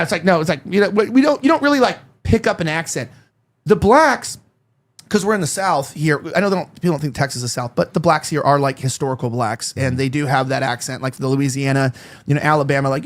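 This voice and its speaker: A man's voice: on the high side, expressive, fairly quick. A man hosting a casual panel talk, rambling with many fillers and restarts, from Los Angeles. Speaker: host.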